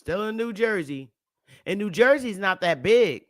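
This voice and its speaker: A woman's voice: medium pitch, animated, moderate pace. A woman hosting a casual livestream, talking loosely and profanely and laughing often as she goes. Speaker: livestream host.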